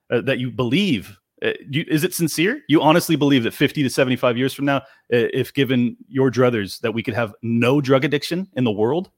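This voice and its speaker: A man's voice: medium pitch, a little fast, no echo, clean studio sound. A man in a political debate, passionate and pressing, firing challenging questions at his opponent.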